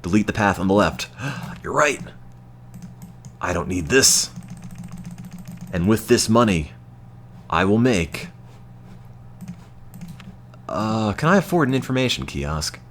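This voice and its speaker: An American man streaming a game, chatting to his viewers in a deadpan, self-mocking way. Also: lowish voice, slow, long pauses, slight background noise. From United States. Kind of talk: casual gameplay commentary to chat.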